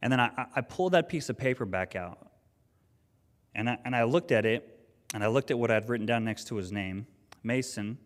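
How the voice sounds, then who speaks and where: A man's voice: medium pitch, fairly quick. A man preaching a sermon, telling a personal story in an earnest, conversational way with frequent restarts. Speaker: pastor. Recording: long reverb of a hall.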